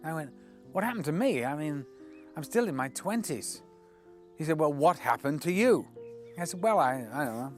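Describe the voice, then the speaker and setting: A man's voice: a little high, animated, moderate pace, faint music behind. A man telling anecdotes in an interview, acting out the quoted dialogue with shifting voices. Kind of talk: anecdotal storytelling.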